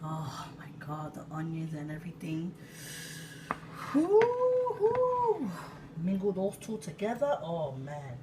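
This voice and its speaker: A woman from Puerto Rico in her thirties, an excitable, chatty cooking-channel host with sudden loud exclamations and laughter, talking casually in her home kitchen. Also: sits low, normal speed, hardly any pauses. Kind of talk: casual cooking vlog chat. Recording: distant mic with room noise.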